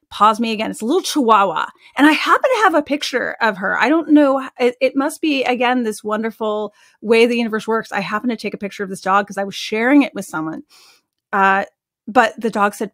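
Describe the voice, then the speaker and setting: A woman in her thirties, an animal communicator and medium, telling stories in a casual, animated way as an interview guest, full of "like" fillers. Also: on the high side, no room sound, studio quality. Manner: chatty and animated, with frequent "like" fillers.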